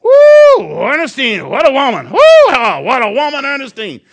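Man putting on a whooping lovestruck male eagle, squawky and very high, storytelling bit. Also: huge pitch swings, normal speed, gravelly, fairly bright tone, heavily acted. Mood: smitten whooping. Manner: whooping, hollering. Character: lusty squawking male bald eagle, smitten.

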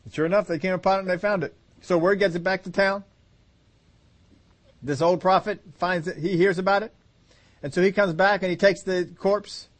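A man's voice: sits high, steady tone, moderate pace, pauses often. A man preaching a sermon, joking and acting out the story in voices. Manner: humorous, acts out scenes in voices, laughs often.

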